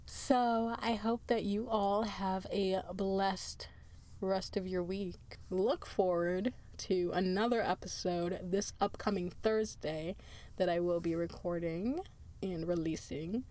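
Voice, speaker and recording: A woman's voice: mid-range voice, fairly even intonation, takes it slowly, dark tone. A woman hosting her own podcast in casual solo chat, tired, chatty and laughing often, drifting into asides. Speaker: podcast host.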